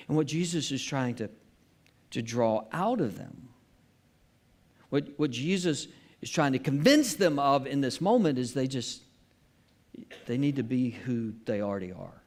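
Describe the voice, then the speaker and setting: A man's voice: a little high, lively intonation, moderate pace, pauses often, a little mellow. A man preaching a sermon as pastor at a church service, earnest and emphatic, repeating his key phrases.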